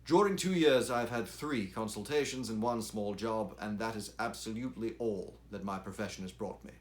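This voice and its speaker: Un hombre que lee como un joven ingeniero formal. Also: male voice, on the low side, moderate pace, a little hiss or hum, natural voice. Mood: earnest. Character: young, struggling, earnest male engineer.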